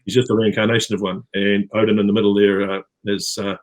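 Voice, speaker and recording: Middle-aged New Zealand actor guest, low-pitched, loose rambling interview talk. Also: male voice, little pitch movement, fast. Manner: rambling, with many fillers and restarts. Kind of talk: casual interview chat.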